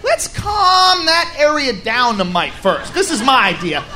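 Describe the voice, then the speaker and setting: A man doing a stand-up comedy set, ranting loudly and profanely in a rowdy manner. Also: very high-pitched, huge pitch swings, measured pace. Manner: rowdy, profane, shouting rants. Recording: live club with crowd and noise.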